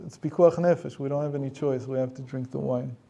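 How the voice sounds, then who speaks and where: A man's voice: medium pitch, fairly even intonation, fast, vocal fry, warm tone, close to an everyday voice. A man voicing a persuasive young male tempter who urges and coaxes. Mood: coaxing.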